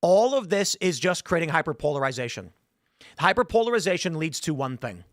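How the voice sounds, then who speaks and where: A man hosting a political talk show, arguing his case intensely and building to loud, emphatic peaks. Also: fairly high pitch, big pitch swings, fairly quick, no room sound, clean studio sound. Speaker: podcast host.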